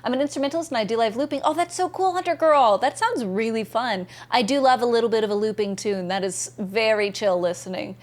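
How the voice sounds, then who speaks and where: Bubbly woman streamer, higher voice. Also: fairly quick, few pauses. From American Southeast. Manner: chatty, bubbly, reads chat messages aloud and answers viewers. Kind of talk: casual live-stream chat while gaming.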